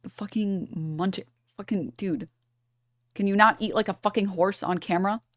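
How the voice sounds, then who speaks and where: Woman streamer, casual reaction talk, blunt and swearing, mid pitch, dry close mic. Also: moderate pace, a bit bright, no room sound. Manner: blunt, profane, mocking.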